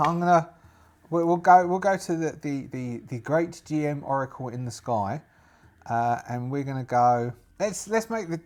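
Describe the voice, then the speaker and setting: A man's voice: a little high, a little mellow. A man narrating a solo tabletop game in a rambling, self-amused way, restarting often.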